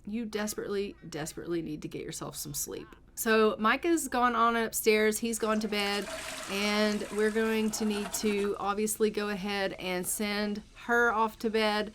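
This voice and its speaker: A woman's voice: medium pitch, fairly even intonation, normal speed, a bit bright, a little hiss or hum. A woman casually narrating her gameplay, chatting away and voicing the characters' lines as she goes. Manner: chatty, voices the characters' lines in a running commentary. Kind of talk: casual let's-play narration.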